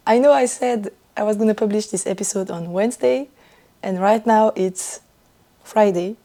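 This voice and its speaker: A young woman vlogging about knitting in casual chat, her voice hoarse and broken from losing it, laughing often as she talks. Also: medium pitch, slow pace, pauses often, dark tone. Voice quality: rough, broken voice. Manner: laughs often, chatty and self-mocking. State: hoarse, lost voice.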